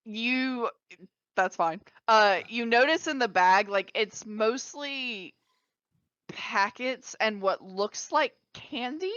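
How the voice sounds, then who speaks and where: A woman's voice: a little high, takes it slowly, a bit bright, no echo. Rambling woman game master. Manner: rambling, many fillers and restarts. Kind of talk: narrating a tabletop game. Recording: dull lo-fi audio.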